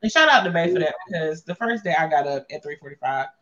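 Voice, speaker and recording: A woman's voice: deep voice, lively intonation, quick pace, fairly bright tone, dull audio. A woman hosting a casual chat, blunt and playful, with lots of salty slang. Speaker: podcast host and wellness coach.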